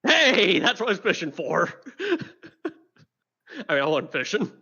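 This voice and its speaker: A man's voice: sits high, big pitch swings, takes it slowly, a bit bright, breathy edge. A man playing in a tabletop game, joking and laughing often in casual banter. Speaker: player. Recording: dull lo-fi mic.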